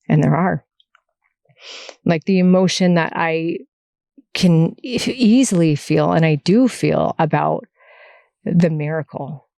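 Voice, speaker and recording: A woman's voice: medium pitch, darkish tone, dry recording, clean studio sound. A woman in her forties, hosting a podcast from her car, talking through her feelings in a heartfelt, earnest way and repeating key phrases. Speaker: podcast host. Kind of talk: emotional personal monologue.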